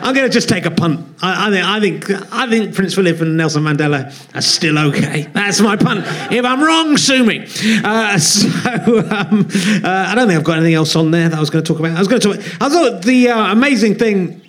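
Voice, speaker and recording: A man hosts a comedy podcast in front of a live theatre audience. His voice sits fairly high, and he rambles through self-mocking jokes in a loose stand-up style. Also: animated, a little fast, a bit bright.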